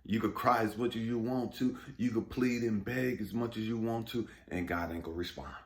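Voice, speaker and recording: A man's voice: fairly low pitch, fairly even intonation, fairly quick, reverberant. A man giving a blunt, profane motivational talk on spirituality, speaking emphatically and turning often to the listener with laughs. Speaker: spiritual vlogger.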